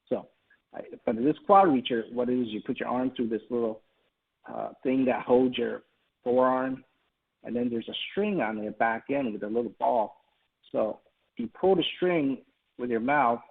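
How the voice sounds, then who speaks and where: A man with a gravelly, husky voice gives a webinar talk. He tells a personal story in a folksy way, with plenty of fillers. The audio is thin and tinny, like a phone line. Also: mid-range voice. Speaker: presenter.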